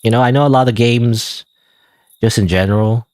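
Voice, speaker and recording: A man's voice: mid-range voice, normal speed, a little mellow, dry recording. A man streaming a game live, giving casual, rambling, self-deprecating commentary full of "you know" and "I don't know.". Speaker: gaming streamer.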